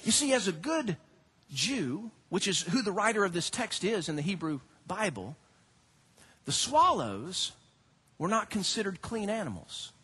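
A man's voice: high voice, measured pace, breathy edge. A man preaching a sermon in a church, asking the congregation questions and acting out the people he quotes. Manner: animated, acts out quoted voices, asks the congregation questions. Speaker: pastor. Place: church sanctuary.

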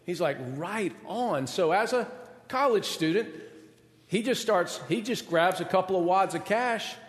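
A man preaching a sermon, his voice pitched high for a man. He tells a story in an animated way, acting out the people in it. The hall around him carries a long reverb. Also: normal speed. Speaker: pastor.

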